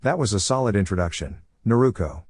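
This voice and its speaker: A man reading the lines of a laid-back, teasing adult male ninja teacher in an easygoing, unhurried way. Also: lowish voice, animated, a little mellow, husky.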